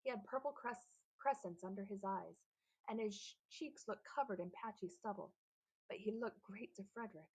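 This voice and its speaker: A woman narrates a children's adventure novel in a steady, lightly animated way. Her voice has a gravelly, husky grain and sits at a middle pitch. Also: moderate pace, low-quality recording. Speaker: audiobook narrator.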